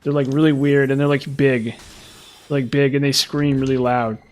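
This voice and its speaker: A man talks casually while he plays a video game, rambling along with plenty of fillers and restarts. His voice sits at an ordinary middle pitch. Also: flat delivery, normal speed. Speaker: gaming streamer.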